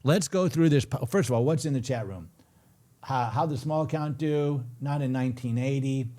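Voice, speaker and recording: A man's voice: medium pitch, normal speed, warm tone. A middle-aged man hosting a casual live trading stream, chatty and jokey, reading viewer comments aloud. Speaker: trading show host.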